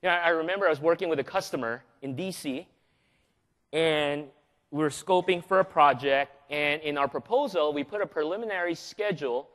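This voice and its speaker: Lively, joking male presenter from the Philippines. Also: a little high, normal speed. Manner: energetic and joking, keeps asking the audience questions. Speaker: conference presenter. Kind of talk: live conference presentation. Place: large conference hall. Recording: long reverb of a large hall.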